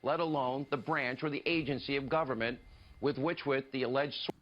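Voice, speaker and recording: A man's voice: mid-range voice, fairly even intonation, moderate pace. Indignant male TV commentator, lo-fi. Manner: emphatic, indignant, quoting statements. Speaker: TV news commentator. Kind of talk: scripted political commentary monologue.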